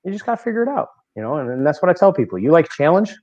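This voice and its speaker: A man's voice: fairly high pitch, sing-song, very fast, darkish tone, dry recording. A man, a bowling podcast guest, telling stories casually and animatedly, laughing often and repeating words as he goes. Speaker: guest bowler. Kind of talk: casual storytelling in a podcast interview. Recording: slightly dull, dry lo-fi audio.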